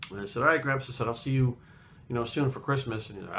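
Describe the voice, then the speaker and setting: Man in his late 30s, from Rhode Island, casual storytelling, blunt and foul-mouthed, bright tense voice. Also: on the low side, fairly even intonation, very fast, creaky, a little hiss or hum. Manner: blunt, heavy swearing, rambling. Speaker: fitness vlogger.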